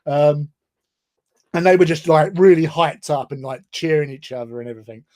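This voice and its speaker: A man's voice: a little high, moderate pace, a little mellow. English man telling a rambling story. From England. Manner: rambling, self-deprecating, laughs often. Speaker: livestream co-host. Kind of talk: casual storytelling chat.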